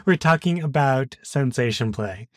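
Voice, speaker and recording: A man's voice: medium pitch, expressive, measured pace, no room sound, clean studio sound. A man co-hosting a podcast in casual chat, improvising freely without a script. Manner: laid-back, improvising freely. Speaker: podcast co-host.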